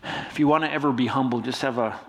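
Emotional pastor with a runny nose. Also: male voice, medium pitch, fairly even intonation, quick pace, slight background noise. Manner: emotional, swings between loud emphasis and soft hushed lines. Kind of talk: sermon.

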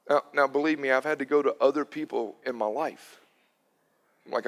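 A male pastor giving a conversational sermon, telling stories and going from loud and animated to hushed and soft. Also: medium pitch, moderate pace.

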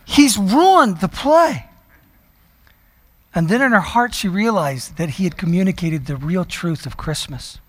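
A man preaching a sermon, telling a story and slowing down to stress key words. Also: fairly high pitch, expressive, fairly bright tone, big-room sound. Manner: storytelling preacher, slows down for emphasis. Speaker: pastor.

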